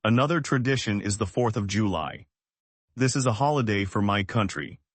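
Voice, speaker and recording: A man from the United States teaching English, speaking slowly and clearly in short, simple sentences. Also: on the low side, lively intonation, dry recording. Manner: slow, clear, short sentences with repetition drills. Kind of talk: slow, simple language lesson.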